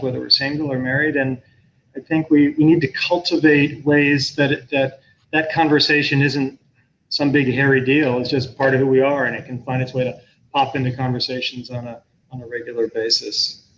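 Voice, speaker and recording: A man's voice: medium pitch, level tone, normal speed, fairly bright tone, a little hiss or hum, poor audio. A middle-aged man, a professor, talking earnestly and thoughtfully on a call, often restarting his sentences. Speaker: professor and guest speaker. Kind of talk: conversational talk on a video call.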